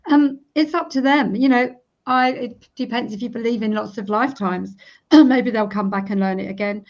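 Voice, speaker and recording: A woman in her fifties talks through a tapping routine in a relaxed interview, acting out example phrases as she goes. Her voice sits fairly high, and the recording is dull and lo-fi. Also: moderate pace. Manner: demonstrative, acts out sample self-talk while tapping. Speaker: EFT practitioner, guest. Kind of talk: casual interview.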